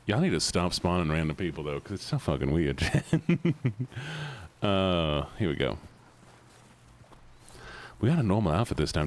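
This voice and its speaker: A man's voice: low voice, sing-song, unhurried, long pauses. A man streaming a game, chatting casually and playfully with his viewers. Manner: chatty, playful, talks to chat and game animals. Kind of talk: casual livestream chat.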